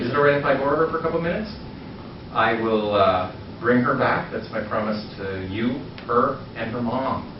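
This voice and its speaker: Playful male seminar coach, slightly high voice, captured far off in a boomy room with a hum of noise. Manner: playful, jokey, acts things out. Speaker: dating coach instructor. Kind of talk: live seminar teaching. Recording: echoey room, distant muffled mic, noise.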